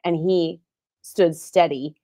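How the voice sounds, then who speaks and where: A woman's voice: lowish voice, steady tone, slow pace, warm tone. A middle-aged woman speaking as a guest psychotherapist in an interview, talking earnestly and emotionally about her own past. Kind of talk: candid interview talk.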